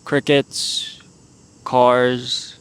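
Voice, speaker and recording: A man's voice: mid-range voice, level tone, drawn-out words, fairly bright tone, clear, resonant tone. A young man hosting a casual solo podcast outdoors in the evening, rambling and unsure as he thinks aloud. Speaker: podcast host.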